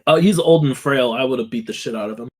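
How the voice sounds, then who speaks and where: A man's voice: medium pitch, fast, darkish tone, slightly rough. A young man co-hosting a podcast, telling rambling, profane stories that drift into rants. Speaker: podcast co-host. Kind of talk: casual chat.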